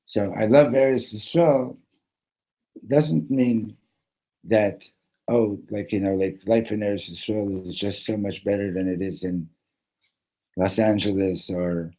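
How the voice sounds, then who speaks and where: A man gives a Torah class in a low, husky voice. He speaks haltingly, repeating little words and mixing in Hebrew phrases. He checks in with his listeners with a constant "right?". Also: steady tone, warm tone, rough recording. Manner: mixes Hebrew phrases into English. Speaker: yeshiva teacher.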